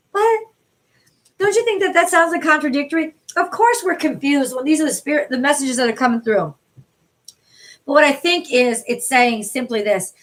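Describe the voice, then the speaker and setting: High-voiced blunt New York woman. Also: a bit bright. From USA. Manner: blunt, swears, thinks aloud with rhetorical questions. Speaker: tarot card reader. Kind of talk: casual live-stream card reading.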